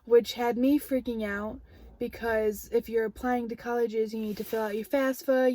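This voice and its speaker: A woman's voice: a little high, dark tone, no echo. Chatty young woman vlogging, dry sound. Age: young adult. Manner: rambling, chatty, frequent fillers. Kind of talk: casual vlog talk to camera.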